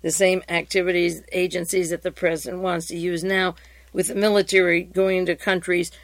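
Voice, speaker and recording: A woman's voice: fairly low pitch, a little fast, dry recording. Woman reading hearing transcripts aloud. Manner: reads quoted exchanges in a steady, even voice, then comments with fillers and restarts.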